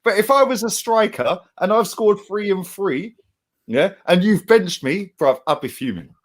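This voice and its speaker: A man's voice: sits high, lively intonation, unhurried. A young man, co-hosting a casual football chat in a heated, slangy way with plenty of swearing. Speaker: football fan channel co-host.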